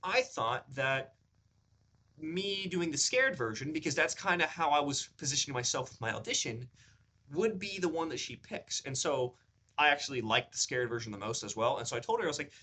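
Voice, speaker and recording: A man vlogging about his acting journey in a casual, rambling way, full of fillers and restarts, his voice lifted above its usual low register as he talks. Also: expressive, a little fast, bright, forceful tone. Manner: rambling, upbeat storytelling with many fillers and restarts; says his pitch rises above his normal low voice when he talks at length. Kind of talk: casual vlog chat.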